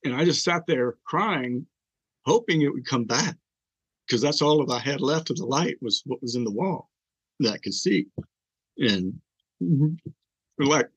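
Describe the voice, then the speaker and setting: Older man, husky, earnest story. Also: medium pitch, expressive, measured pace, long pauses, no room sound, poor audio. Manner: earnest, emotional storytelling with frequent fillers and restarts. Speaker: podcast guest. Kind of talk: personal story in an interview.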